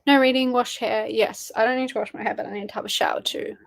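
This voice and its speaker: A woman's voice: a little high, steady tone, quick pace, creaky. A young woman, hosting a casual livestream, rambling and swearing casually while chatting with viewers. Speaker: livestream host. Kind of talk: casual chat reading live chat.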